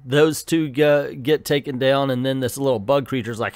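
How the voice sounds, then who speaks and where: A man's voice: medium pitch, fairly even intonation, normal speed, no room sound. A man hosting a comic book video, recapping an issue in a casual, sarcastic, chatty way.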